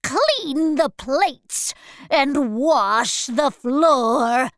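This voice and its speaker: A woman's voice: high voice, lively intonation, no room sound, clean studio sound, exaggerated voice. A woman voicing a cruel, gloating wicked witch in a storybook reading, drawing out threats and breaking into shrieks. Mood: menacing. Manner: drawn-out menacing lines breaking into shrieks.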